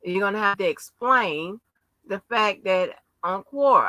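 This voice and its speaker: A woman hosting a casual livestream, talking bluntly and combatively with frequent swearing and halting restarts. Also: mid-range voice, lively intonation, sharp tone, poor audio. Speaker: livestream host.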